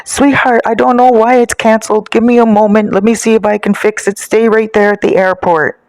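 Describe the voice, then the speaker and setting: A smooth Italian-accented man, put on by a woman narrator, coaxes and soothes over the phone. The voice sits a little higher than hers and stays sweet-talking. The sound is dry and close. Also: fairly even intonation, a little fast, a little mellow, no room sound, close to an everyday voice. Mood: coaxing. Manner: coaxing, calls her sweetheart.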